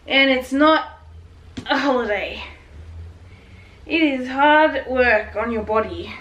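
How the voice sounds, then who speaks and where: A woman's voice: a little high, a bit bright, poor audio. A pregnant woman in her late twenties, chatting frankly and a little out of breath while she wraps gifts at home. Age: late 20s. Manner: frank, chatty, swears and laughs often. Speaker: vlogger. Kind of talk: casual chat while wrapping gifts.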